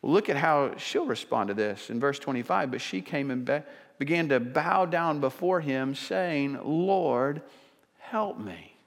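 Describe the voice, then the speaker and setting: A man's voice: medium pitch, expressive, moderate pace, hardly any pauses. A man preaching a sermon as pastor, earnest and emphatic, often restarting his sentences as he builds a point. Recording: long reverb of a large hall.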